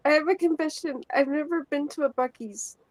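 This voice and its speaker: A woman guest in casual chat, speaking softly and a little hesitantly. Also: high-pitched, brisk, low-quality recording.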